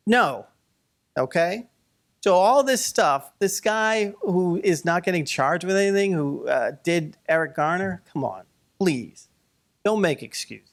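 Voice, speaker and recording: A man, a cartoonist, telling a story to a live audience in a conversational, animated way full of fillers, now and then rising to heated emphasis. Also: high voice, measured pace. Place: event hall.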